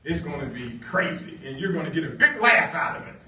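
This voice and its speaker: A man voicing a boastful, mocking male plantation boss who talks loud and bossy, in a roomy hall. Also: fairly high pitch, big pitch swings, a little fast, distant mic, slight background noise, pitched above the performer's own voice, heavily acted. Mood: loud jeering. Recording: roomy hall, heard from afar.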